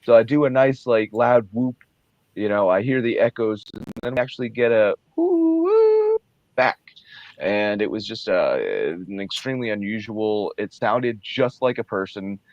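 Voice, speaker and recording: A man's voice: on the low side, moderate pace, darkish tone, no room sound, muffled recording. A man in his thirties, a guest talking casually and easygoingly, with many fillers and restarts. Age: 30s. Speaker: guest, Bigfoot researcher. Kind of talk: casual conversation.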